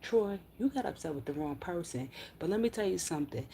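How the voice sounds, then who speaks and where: Woman, very low voice, mellow tone, furious profane scolding rant to camera. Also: animated, fairly quick, creaky, a little hiss or hum. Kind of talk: angry direct-address rant.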